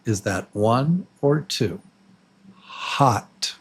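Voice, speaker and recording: A man's voice: mid-range voice, expressive, breathy edge. A man teaching a beginner English pronunciation lesson, drawing out and exaggerating each example word. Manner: slow, exaggerated, drawn-out example words. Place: Los Angeles.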